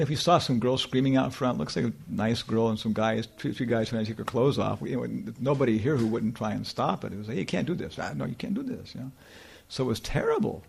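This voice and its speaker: A man teaching scripture in a loose, rambling way, peppering everything with "you know" and little chuckles. His voice is gravelly with a husky, breathy texture, at a middling pitch. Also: darkish tone. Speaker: spiritual teacher. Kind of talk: informal scripture talk with Q&A.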